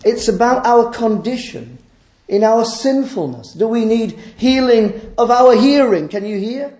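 Male preacher, sermon, slow unhurried delivery, warm dark tone, rhetorical questions, echoey church hall. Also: very high-pitched, lively intonation. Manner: earnest, rhetorical questions, swings between loud and hushed.

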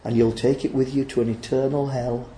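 A man's voice: medium pitch, flat delivery, brisk, dark tone, echoey room, slight background noise, poor audio. A man preaching a sermon, emphatic and pleading in his appeals.

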